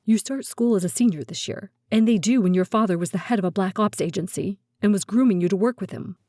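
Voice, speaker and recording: Audiobook part: woman voicing a calm teen male agent, matter-of-fact, mellow tone, dry close sound. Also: mid-range voice, fast talker, no room sound, close to an everyday voice. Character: calm, confident teen male spy recruiter. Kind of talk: audiobook character voice.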